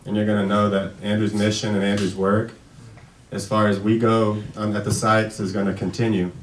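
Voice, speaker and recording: A man in his thirties giving an emotional tribute speech at a memorial event, halting and full of restarts, sometimes fighting back tears. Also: on the low side, little pitch movement, a little hiss or hum. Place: event hall. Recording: echoey hall, far from the mic.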